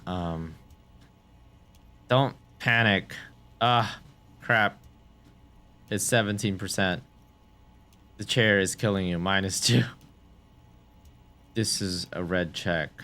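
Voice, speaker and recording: A man doing let's-play commentary, excitable and reading his options aloud. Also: deep voice, takes it slowly, pauses often, clear, resonant tone. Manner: excitable, reads choices aloud. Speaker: gameplay streamer.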